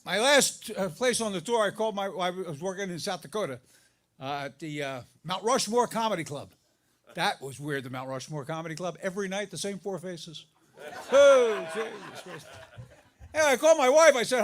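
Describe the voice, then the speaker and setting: A middle-aged man doing a stand-up comedy set, telling stories about his marriage, his voice jumping up high for the punchlines. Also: normal speed, slight background noise. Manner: animated storytelling, voice jumps up for punchlines. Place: live comedy venue with audience laughter.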